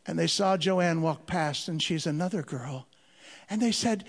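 A high-pitched man speaks as a missionary, telling his story with earnest conviction and stumbling repeats. His voice rings through a large hall with long reverb, as if addressing a gathered crowd. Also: measured pace. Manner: earnest, repeats words when stressing a point. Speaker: Christian missionary. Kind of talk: storytelling testimony to an audience.

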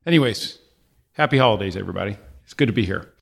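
A man's voice: fairly low pitch, lively intonation, fast talker, creaky, fairly bright tone. A man from Texas with a Texan accent, a podcast guest who jokes around and keeps saying "right?" in casual chat. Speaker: guest, account partner.

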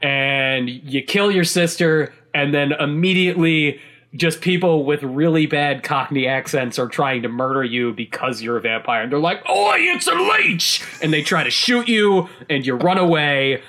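A man chatting casually about a video game, excitable and rambling, with many restarts and laughs mid-sentence. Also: on the high side, normal speed. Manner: casual swearing.

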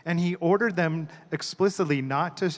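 A man giving a measured, unhurried scripture reading. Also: fairly high pitch. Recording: echoey hall.

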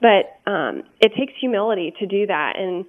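A woman's voice: mid-range voice, lively intonation, moderate pace. Woman radio guest, candid and earnest, frequent ums, narrow tinny phone-style audio. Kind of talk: radio interview.

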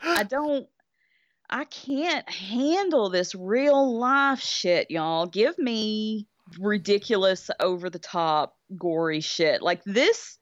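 A woman's voice: mid-range voice, a bit bright, dry recording. A woman, co-hosting a casual, profane movie chat in a blunt, exasperated way. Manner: blunt, exasperated, swears a lot. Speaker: podcast co-host. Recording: dry, slightly dull sound.

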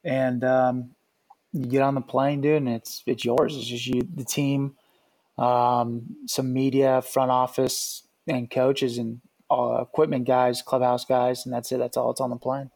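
A man, a former pitcher, telling team stories in a loose, casual way and saying "dude" a lot. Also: level tone, measured pace, a little mellow. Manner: laid-back, says "dude" a lot. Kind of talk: casual storytelling chat.

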